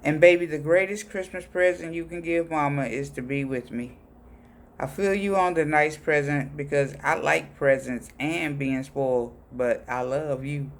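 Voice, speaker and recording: Man reading personal letters aloud. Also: a little high. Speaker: reader of letters.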